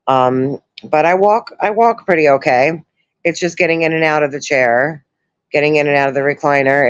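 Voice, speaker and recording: A woman in her thirties chatting on a live stream from home, sore after surgery, soft and emotional as she thanks her viewers. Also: sits low, clear, resonant tone, no room sound. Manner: soft, emotional, greets chat viewers warmly. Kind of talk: casual live stream chat. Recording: dull lo-fi stream audio.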